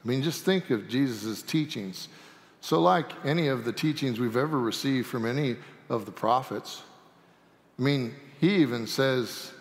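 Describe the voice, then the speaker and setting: A man preaching a sermon as pastor, folksy and animated, with humorous asides. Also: medium pitch, moderate pace. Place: church sanctuary. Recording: long sanctuary reverb.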